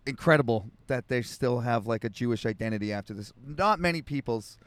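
Smooth-voiced man on a casual podcast. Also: medium pitch, fairly quick, dry recording. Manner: reads scripture aloud between casual tangents. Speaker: podcast co-host. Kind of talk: casual comedic podcast chat. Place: home podcast setup in Austin.

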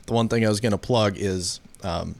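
A man's voice: fairly low pitch, fairly quick, vocal fry, no echo. A man co-hosting an outdoors radio show, chatting casually, stumbling over words and joking about it. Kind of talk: casual chat.

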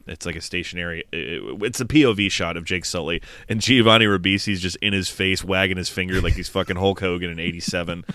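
A man with a very low, smooth voice riffs through a movie recap, swearing freely and laughing at the plot. He sounds close to the mic in a dry, dead room. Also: fairly even intonation, fast, few pauses, a bit bright, dry recording. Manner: profane, joking, recaps scenes. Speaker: podcast co-host. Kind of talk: casual movie review chat.

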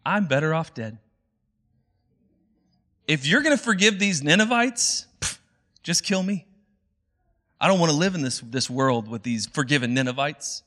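A high-strung, dramatic prophet whines loudly in complaint, his voice climbing high and sounding bright and sharp, as a man puts him on. The complaining is exasperated and indignant. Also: expressive, moderate pace, pauses often. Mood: indignant whining.

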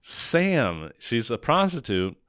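Animated sarcastic man recapping a movie. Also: mid-range voice, slow, no room sound, clean studio sound. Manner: animated, sarcastic, swears, acts out quotes. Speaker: podcast co-host. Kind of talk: casual movie recap chat.

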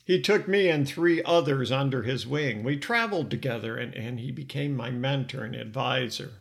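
A man's voice: medium pitch, moderate pace, creaky. An older man hosting a podcast, telling his own life story in an earnest, reflective scripted narration. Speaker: podcast host.

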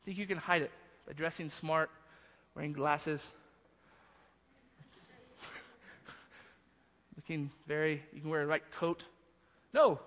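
Guy preaching a sermon, high bright voice, stumbles and repeats words a lot, echoey hall, kinda muffled. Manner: emphatic, repeats words, acts out quotes. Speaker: pastor.

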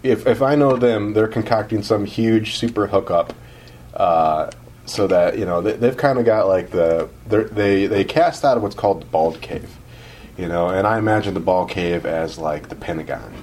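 A man's voice: lowish voice, a little mellow, slight background noise. A man co-hosting a podcast, chatting and joking casually with many fillers and restarts. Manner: rambling, halting with many fillers. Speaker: podcast co-host.

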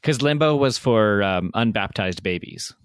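A man's voice: fairly low pitch, lively intonation, unhurried, smooth, dry recording. Wry man guesting, dry delivery. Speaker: podcast guest. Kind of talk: casual chat.

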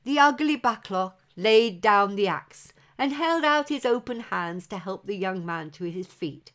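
Woman storyteller, unhurried and dramatic, for a spoken legend. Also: mid-range voice. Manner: slow, dramatic, expressive telling. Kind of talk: oral storytelling of an old legend.

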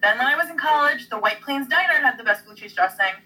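A chatty woman telling stories in a casual chat. Her voice is high and bright, and it sounds a little far from the mic. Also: animated, quick pace, breathy edge. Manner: chatty, storytelling.

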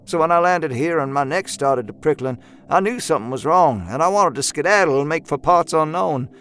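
An actor playing a jittery, eager young male miner who talks in a folksy backwoods dialect with hushed urgency. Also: a little high, brisk, a little hiss or hum, natural voice. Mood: curious. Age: young adult. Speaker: character in an audio drama. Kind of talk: audio drama acting.

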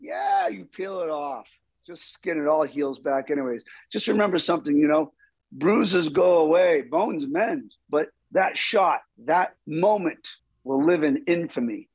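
Husky-voiced man telling animated stories. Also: fairly high pitch, a little slow, dry recording, poor audio. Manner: animated, acts out quoted dialogue. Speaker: stunt performer. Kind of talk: storytelling interview.

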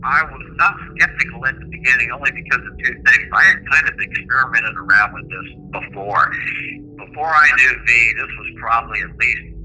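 A man's voice: medium pitch, fairly quick, sharp tone, faint music behind, rough recording. A man as an interview guest, telling rambling personal stories in a casual chat and laughing at his own jokes.

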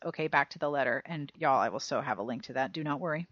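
A woman hosting a podcast, reading listener mail aloud in a casual, expressive way and swearing now and then. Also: extremely low pitch, fast, few pauses, no room sound. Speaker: podcast host. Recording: dry, slightly dull lo-fi sound.

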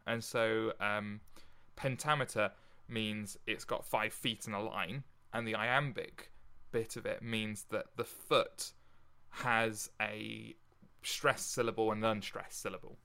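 Young man, podcast host, tense bright voice, halting, filler-heavy casual chat. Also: on the low side, steady tone, creaky, smooth. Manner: halting, many fillers and restarts, tired. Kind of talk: casual chat and poetry reading.

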